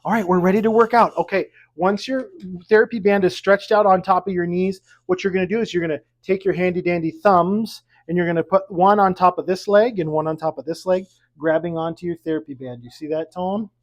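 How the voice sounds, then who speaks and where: Fitness instructor, seated exercise class, counts reps aloud, upbeat coaching, light jokes, mid-range pitch, recorded at home. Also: fairly even intonation, a little fast, hardly any pauses, highs cut off. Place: at home with pets around.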